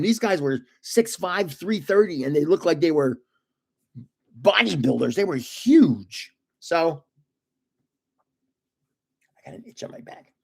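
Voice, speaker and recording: An older man with a fairly high, gravelly voice hosts a live card-opening stream. He tells rambling stories in a chatty manner and laughs often.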